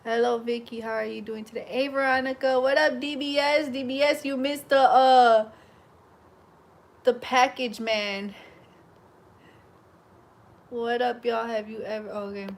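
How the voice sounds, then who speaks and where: A young woman chatting casually on a livestream while she works, telling stories with animated energy and laughing as she goes. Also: on the high side, a little slow, long pauses. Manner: greets and chats with live viewers. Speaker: hair braider livestreaming.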